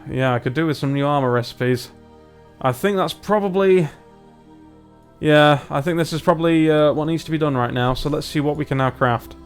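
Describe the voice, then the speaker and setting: Man, fairly high voice, chatty let's play commentary over faint music. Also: moderate pace, clean tone. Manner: chatty and self-mocking. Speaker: gamer.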